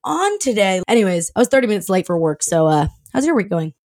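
A young woman hosting a podcast, telling a story in a chatty, animated way, recovering from covid. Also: on the low side, quick pace. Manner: chatty, animated, swears casually. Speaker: podcast host. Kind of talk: casual storytelling monologue.

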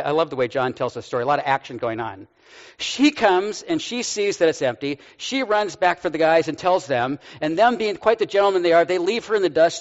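Older male pastor, sixties, relaxed storytelling sermon with gentle humor; slightly high voice, dull audio in a long-reverb church hall. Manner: storytelling, conversational with light humor.

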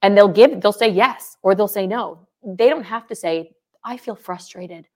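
A woman's voice: medium pitch, normal speed. A woman co-hosting a marriage podcast, talking casually and acting out example phrases. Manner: animated, acts out example phrases. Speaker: podcast co-host, marriage coach.

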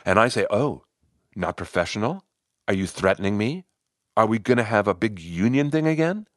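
A man's voice: lowish voice, expressive, normal speed, dry recording, clean studio sound, lightly acted. A man putting on a sneering, hostile male employee. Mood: mocking. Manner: sneering, combative.

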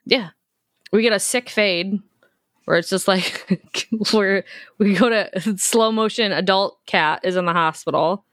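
A woman in her thirties co-hosting a podcast, recapping a horror film in a lively, profane, joking way. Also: medium pitch, measured pace, dry recording, studio quality. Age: 30s. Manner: profane, animated storytelling. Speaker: podcast co-host.

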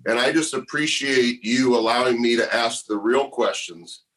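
A man's voice: medium pitch, moderate pace, a bit bright, rough recording. Male podcast host, earnest and grateful, casual interview chat.

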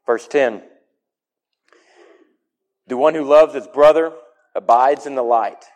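A man preaching a sermon in an emphatic way, his voice swinging between loud and soft. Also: medium pitch, slow, pauses often.

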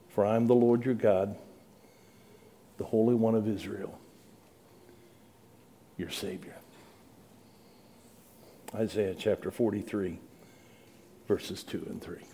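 A man's voice: on the low side, mellow. Middle-aged male preacher, earnest and pleading delivery with dramatic peaks. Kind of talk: sermon.

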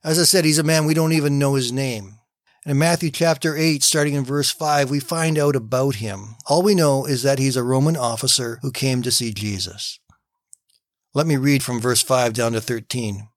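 A man's voice: medium pitch, moderate pace, dry recording, studio quality. Easygoing man hosting a morning devotional. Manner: easygoing, conversational, inviting listeners to relax. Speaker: host of a daily devotional program. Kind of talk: short devotional talk with storytelling.

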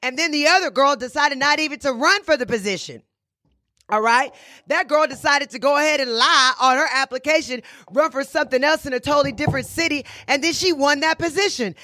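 A sassy, blunt woman hosts her own talk show, hammering points home by repeating lines and bragging on herself. Her voice is bright and forceful, recorded dry and close with no room around it. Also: high-pitched, brisk, no room sound. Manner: sassy, emphatic, repeats phrases for punch; blunt, boastful self-talk. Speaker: podcast and radio host. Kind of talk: casual monologue.

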